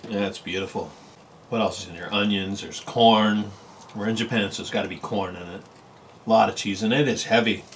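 Over slight background noise, a man with a fairly low, fairly even voice talks fairly quickly. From California but filming at home in Japan, he chats through his meal for his food vlog, enjoying each bite with frequent "mm" and "oh" sounds.

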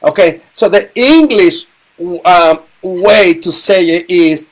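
A middle-aged man teaching a sign language lesson, halting, with frequent ums and repeated words. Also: sits high, expressive.

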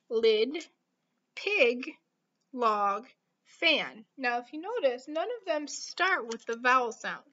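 A woman teaching a phonics lesson to young children, slowly and patiently sounding out each letter. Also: on the high side, pushed and bright, highs cut off, a little hiss or hum.

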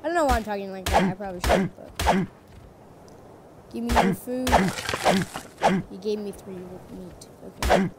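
A woman giving casual, playful commentary on her own gameplay, chatting to the animals in the game and jumping between loud bursts and quiet mutters. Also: mid-range voice, moderate pace, pauses often. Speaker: gamer. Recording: loud background noise.

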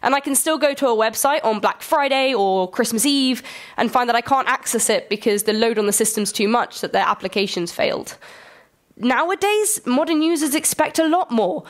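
A woman's voice: a little high, expressive, normal speed. A young adult woman with a cold and a slightly nasal voice, giving a friendly conference presentation with light jokes. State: has a cold. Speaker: conference speaker. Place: conference hall.

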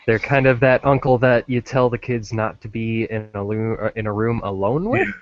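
A man hosting a podcast in casual chat, relaxed and agreeable, with chuckling asides. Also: lowish voice, moderate pace, highs cut off, a little hiss or hum. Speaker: podcast host.

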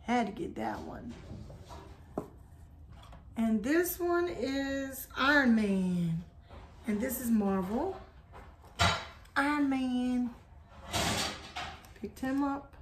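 A woman's voice: on the high side, animated, drawn-out words, pauses often, background noise. A woman hosting a casual haul vlog, chatting to viewers and calling them y'all. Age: adult. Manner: chatty, addresses viewers as y'all, hums theme tunes. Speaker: haul video host.

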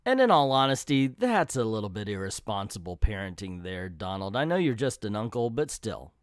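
A man's voice: lowish voice, animated, normal speed, no room sound, clean studio sound. A man casually reviewing an old comic book, chatty and wry, with self-deprecating asides.

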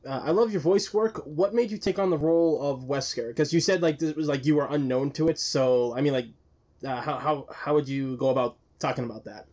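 A man's voice: a little high, a little fast, darkish tone, highs cut off. A man co-hosting a podcast, asking hesitant questions full of fillers. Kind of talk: casual podcast interview.

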